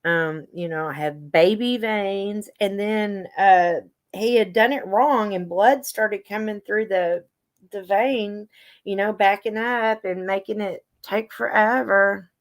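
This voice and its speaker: A woman host with a mid-range voice talks slowly as she chats with her live viewers, telling a story in a chatty manner and reading their comments aloud.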